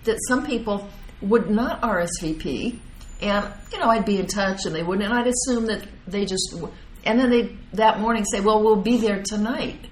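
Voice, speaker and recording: A woman hosting a casual conversation, reacting eagerly and sharing her own experience. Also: mid-range voice. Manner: warmly reactive, chimes in with quick agreement. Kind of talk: casual chat. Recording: roomy with faint background noise.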